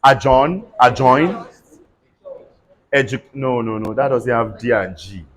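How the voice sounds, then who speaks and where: A man's voice: medium pitch, takes it slowly, fairly bright tone. A man teaching a class how to pronounce consonant sounds, spelling words out letter by letter and having the students repeat them. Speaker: pronunciation teacher. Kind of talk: classroom lesson with call-and-response drills.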